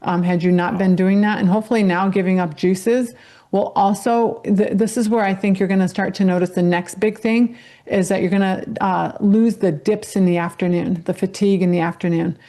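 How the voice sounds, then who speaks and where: A woman's voice: medium pitch, steady tone, normal speed, warm tone. A woman doctor appearing as a guest, patiently explaining health matters in casual chat.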